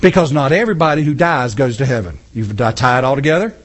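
A man preaching a sermon as pastor in his church, his voice pitched high. He swings widely up and down with passion and calls out to the congregation as he goes. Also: lively intonation, quick pace. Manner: impassioned, talks with the congregation.

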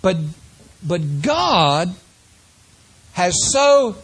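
A man preaching a sermon to a congregation, asking them questions and shifting between slow, drawn-out phrases and quick runs. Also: high-pitched, sing-song. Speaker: pastor.

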